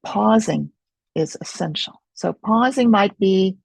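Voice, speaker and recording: A middle-aged woman leading an experiential teaching webinar in a gentle, reflective way, pausing often, over a video call mic. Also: mid-range voice, lively intonation, vocal fry, breathy edge, no room sound. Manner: gentle, reflective, unhurried with pauses. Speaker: Focusing teacher.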